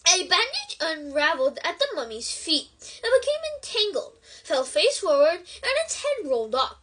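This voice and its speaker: A woman reading a novel aloud in an expressive storytelling manner. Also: extremely high pitch, moderate pace, low-quality recording. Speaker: book reader.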